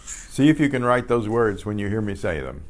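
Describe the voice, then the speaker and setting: An older man teaching a beginners' Spanish class, patiently repeating each word several times with clear emphasis. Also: lowish voice, very animated, normal speed. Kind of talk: slow beginner language lesson. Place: community center class for seniors.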